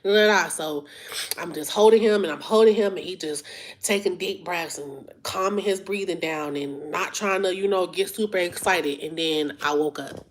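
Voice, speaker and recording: A woman's voice: fairly low pitch, normal speed, a little hiss or hum. Woman w/ aave just chatting thru a crazy dream story, acts out all the lines. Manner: animated retelling, acts out her own quotes. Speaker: vlogger. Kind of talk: casual storytelling to camera.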